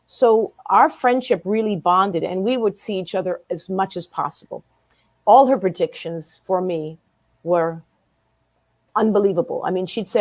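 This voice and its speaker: Interview guest, woman in her fifties, mid-range voice, lively teller who plays every part in her story, dry recording. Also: medium pitch, moderate pace, dry recording. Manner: animated storyteller who acts out quoted dialogue.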